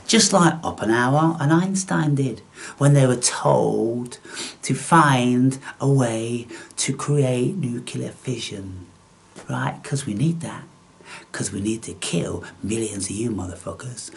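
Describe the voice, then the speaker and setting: A man's voice: medium pitch, unhurried, gravelly. A man delivering an angry, contemptuous, profane monologue as the host of his own channel.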